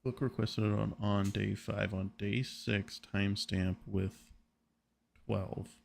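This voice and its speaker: A man's voice: lowish voice, flat delivery, slow, gravelly. A man giving casual gameplay commentary, thinking aloud and often muttering questions to himself. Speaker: let's play gamer.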